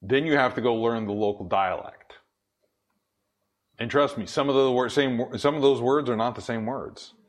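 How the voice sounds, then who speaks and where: Speaking at a moderate pace in a mid-range voice, this man preaches to a laughing congregation in a church. He's a pastor from the Pacific Northwest whose easygoing sermon mixes scripture reading with questions he asks and answers on his own.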